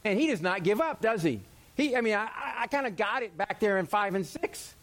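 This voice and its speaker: A middle-aged male pastor preaching with a noticeably high voice. He is animated and conversational, slips into quick acted-out voices, and jokes at his own expense. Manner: animated, acts out quoted voices, self-deprecating humor. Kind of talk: sermon.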